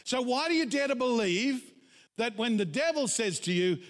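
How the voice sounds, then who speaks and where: A man preaching a sermon in an animated, dramatic way, acting out the voices of doubters. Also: very high-pitched, moderate pace. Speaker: pastor. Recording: echoey hall, long reverb.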